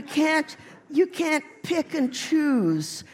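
A woman's voice: fairly high pitch, normal speed, a little mellow. A woman preaching a sermon in a church, building to emphatic declarations. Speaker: guest preacher. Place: church sanctuary.

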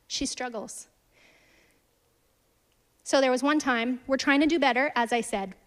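A woman in her thirties preaching a sermon, earnest and storytelling, swinging from emphatic lines to hushed ones. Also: high-pitched, fairly quick, clean tone.

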